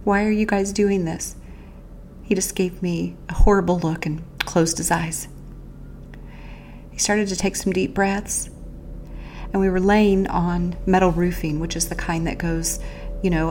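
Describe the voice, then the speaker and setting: Woman, podcast host, first-person storytelling, earnest, halting, lowish voice. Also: darkish tone, a little hiss or hum. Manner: earnest, halting, with pauses and restarts; speaks of faith and prayer. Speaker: podcast host recounting her own survival.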